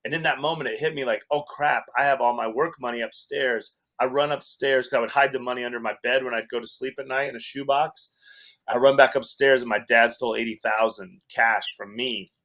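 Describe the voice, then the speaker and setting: A man's voice: mid-range voice, fairly even intonation, fairly quick, fairly bright tone. A man telling a long personal story as a podcast guest, wry and self-mocking, often laughing at himself. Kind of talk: storytelling in a casual chat.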